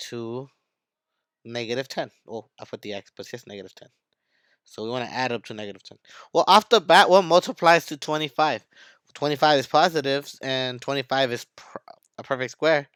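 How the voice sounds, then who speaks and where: A man's voice: medium pitch, a bit bright, clear, resonant tone, no echo. A man teaching math in a video lesson, hyped and playful, talking straight to his students.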